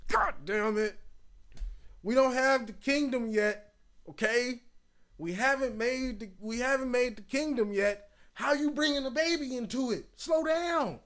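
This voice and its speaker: A man voicing a shrill, exasperated young man who frantically scolds a friend. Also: a little slow, a bit bright.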